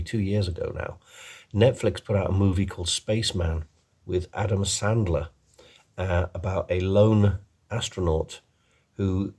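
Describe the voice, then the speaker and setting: Deep husky man rambling. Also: darkish tone. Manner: rambling, many ums and restarts. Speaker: film reviewer. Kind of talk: rambling casual film review.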